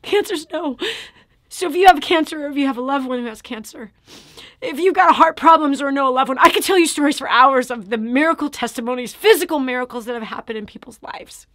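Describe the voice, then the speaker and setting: A woman giving an emotional preaching testimony, swinging from loud exclamations to hushed whispers. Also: sits high, fairly quick, dry recording, clean studio sound. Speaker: Christian speaker giving a healing testimony.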